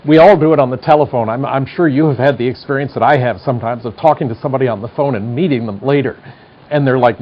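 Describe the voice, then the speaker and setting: Older male lecturer, 60s, General American accent, wry and digressive, muffled studio tape. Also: mid-range voice. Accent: General American, slight Midwestern twang. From United States. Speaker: psychology professor. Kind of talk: televised university lecture. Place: studio classroom.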